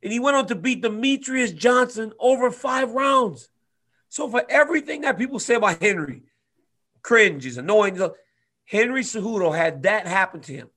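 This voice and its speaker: A man in his twenties telling a story in casual chat, animated, swinging from loud to quiet. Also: high-pitched, moderate pace. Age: 20s. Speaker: guest fighter.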